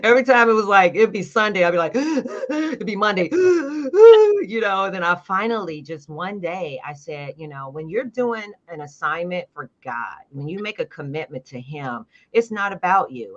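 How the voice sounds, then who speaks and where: A woman guest in a casual interview, telling a long story with lively acted-out quotes. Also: low voice, moderate pace, few pauses. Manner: animated storyteller acting out quoted dialogue. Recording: dull lo-fi sound.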